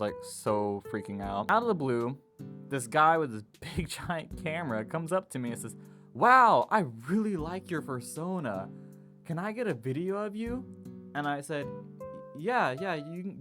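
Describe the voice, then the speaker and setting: A man's voice: mid-range voice, moderate pace. Young man telling a story over guitar music. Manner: animated retelling, acts out quotes in a raised voice. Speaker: vlogger. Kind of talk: casual storytelling. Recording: guitar music playing behind.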